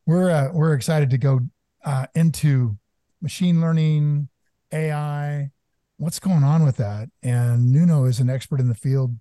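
A man's voice: fairly high pitch, steady tone, measured pace, dark tone, no room sound, studio quality. Jovial older man hosting a podcast. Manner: jovial, joking. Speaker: podcast host. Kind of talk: casual podcast chat.

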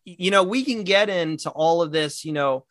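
A man's voice: on the high side, normal speed, fairly bright tone, no echo. An American man hosting a podcast interview, enthusiastic and asking long multi-part questions. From United States. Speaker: podcast host. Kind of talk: casual interview.

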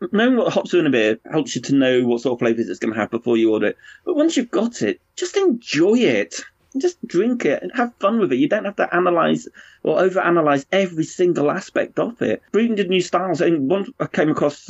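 A man's voice: a little high, no echo. Bloke rambling about his pub, kinda dull muffled sound, dry. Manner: chatty, rambling, frank with swearing. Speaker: brewer and pub owner, guest. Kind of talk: casual conversation.

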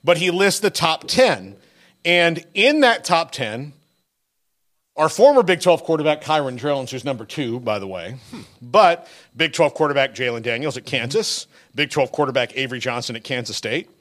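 Laughing, animated male sports podcaster. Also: on the high side, normal speed. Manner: animated storyteller, laughs through his anecdotes. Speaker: podcast co-host. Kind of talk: casual sports chat.

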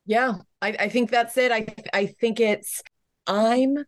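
An American woman comedian in podcast chat, animated and self-mocking, swearing freely. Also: fairly high pitch, slow pace, no room sound. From United States. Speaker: guest comedian.

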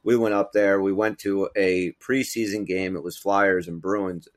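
Low-voiced, rambling, profane man. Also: fairly even intonation, unhurried. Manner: rambling storyteller, profane, gropes for names. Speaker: podcast co-host. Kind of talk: casual chat.

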